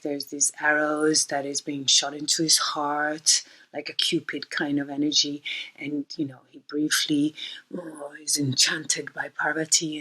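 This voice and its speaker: A woman's voice: deep voice, a bit bright, slightly rough, rough recording. A woman astrologer retelling a myth and reflecting on it in a rambling, personal way, sometimes dropping to a near whisper. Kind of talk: storytelling talk on myth and astrology.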